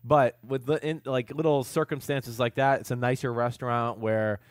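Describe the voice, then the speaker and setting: A man's voice: medium pitch, fairly even intonation, no room sound, clean studio sound. A middle-aged man co-hosting a podcast, chatting casually and agreeing readily. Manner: agreeable, quick affirmations, laughs along. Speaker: podcast co-host. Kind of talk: casual chat.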